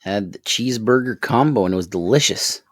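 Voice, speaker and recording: Low-voiced man chiming in. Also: expressive, fairly quick, dry recording. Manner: short agreeing interjections. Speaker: podcast co-host. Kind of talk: casual chat.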